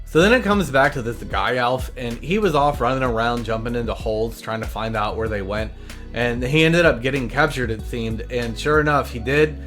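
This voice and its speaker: A man hosting a comedic episode recap, telling it in a deadpan, meandering way full of side stories. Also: medium pitch, normal speed, soft background music. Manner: deadpan, meandering storytelling with asides.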